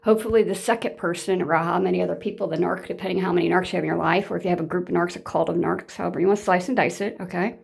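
A woman's voice: fairly low pitch, fairly even intonation, rapid-fire, vocal fry, hardly any pauses, breathy edge. Blunt, emphatic woman talking to viewers. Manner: emphatic, blunt, repetitive, swears freely. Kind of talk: casual monologue to viewers.

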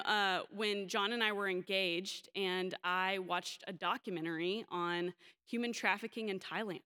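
A young adult woman preaching from the pulpit, frank and personal as she works through a passage. She tells stories from her own life and brightens when she voices other people. Her pitch sits in the middle for a woman. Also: smooth. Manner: candid, storytelling, animated when quoting others. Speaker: pastor. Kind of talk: sermon.

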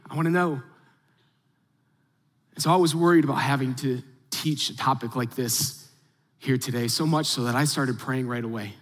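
A man's voice: medium pitch, a little fast. Casual-talking male pastor in a hall. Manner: casual, conversational preaching. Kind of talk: sermon. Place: large church auditorium. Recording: hall reverb.

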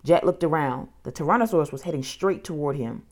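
A woman reading a children's book aloud, with steady, expressive storytelling. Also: low voice, quick pace.

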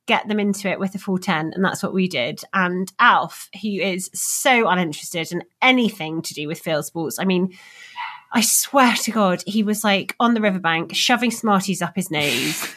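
A woman guest in casual podcast chat, telling lively, excitable stories. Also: mid-range voice. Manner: lively, excitable storytelling with laughter.

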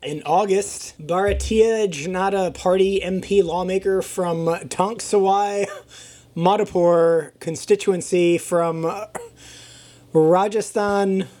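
A man's voice: sits high, steady tone, takes it slowly, mellow. A man co-hosting a casual podcast, reading a news story and tossing in wry, self-deprecating asides. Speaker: podcast co-host.

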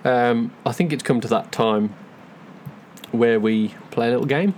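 A woman's voice: extremely low pitch, unhurried, darkish tone. Woman, casual podcast chat, laughs a lot, playful, faint background hiss. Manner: chatty, laughs often, playful put-on voices. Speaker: podcast co-host.

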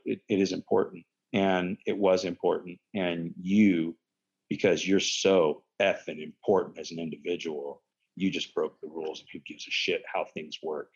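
A man telling a funny story casually, animated and profane. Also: moderate pace, vocal fry, dull audio. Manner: animated, profane, big pitch jumps.

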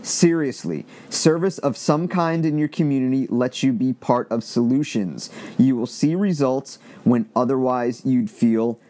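A middle-aged man from Long Island with a slight Long Island accent, talking in a rambling, animated monologue and swearing freely as a podcast host. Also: medium pitch, a little slow, few pauses. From Long Island, New York. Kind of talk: casual opinion monologue.

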